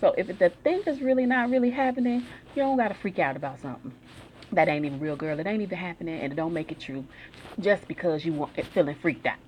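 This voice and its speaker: A woman's voice: fairly low pitch, quick pace, darkish tone, a little hiss or hum. A woman giving a casual self-help talk, telling everyday stories in a chatty, slangy way. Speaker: motivational speaker.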